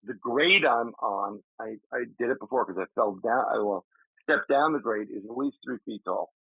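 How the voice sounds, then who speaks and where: A man, a paranormal investigator, telling an animated story in a casual interview, acting out his friend's shouts. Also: mid-range voice, normal speed, creaky, breathy edge, no room sound. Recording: dry tinny remote call audio.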